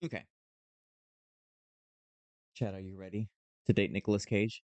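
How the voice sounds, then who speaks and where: Guy streaming a dating sim, kinda low voice, playful, dry sound. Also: a little slow, dry recording. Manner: playful, animated reactions while reading.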